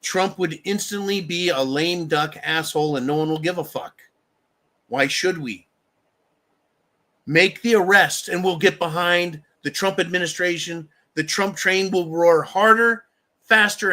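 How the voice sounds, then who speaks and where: Bright-voiced, swearing, angry male streamer. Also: high-pitched, a little slow. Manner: angry, heavily profane; reads out and thanks viewer donations. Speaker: livestream host. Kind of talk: political rant on a live stream.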